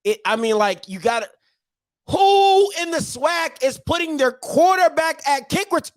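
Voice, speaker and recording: A man hosting a sports recap show, ranting in excitable, slangy trash talk and repeating himself for emphasis. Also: very high-pitched, measured pace. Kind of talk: animated sports recap rant.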